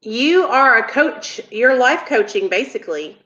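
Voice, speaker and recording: Bright woman, chatty, dull audio. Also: on the high side, animated, unhurried. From American South. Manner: chatty, addresses viewers as y'all. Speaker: co-host. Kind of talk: casual live-stream chat.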